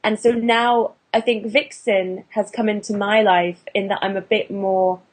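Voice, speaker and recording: A woman's voice: medium pitch, little pitch movement, unhurried. A British woman, a burlesque performer and actor, chatting in an interview with many restarts and fillers. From England. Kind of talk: casual interview chat.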